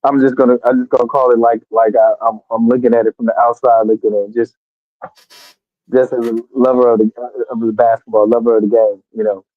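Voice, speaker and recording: A man's voice: medium pitch, level tone, a little fast, dry recording. A man co-hosting a casual sports talk show, playful and jokey, heard over a phone line. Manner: playful, jokey, laughs often. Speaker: co-host. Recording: tinny phone-line sound.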